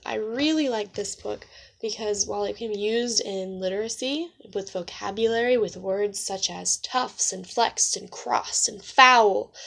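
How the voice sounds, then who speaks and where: A woman teacher reading a picture book aloud and reflecting on the lesson, gentle and questioning, with hushed asides. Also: medium pitch, vocal fry.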